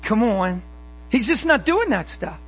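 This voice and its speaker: High-voiced guy preaching hard, fired up, lots of rhetorical questions. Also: big pitch swings, unhurried, fairly bright tone, slightly rough, poor audio. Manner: fervent, emphatic, rhetorical questions. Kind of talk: sermon.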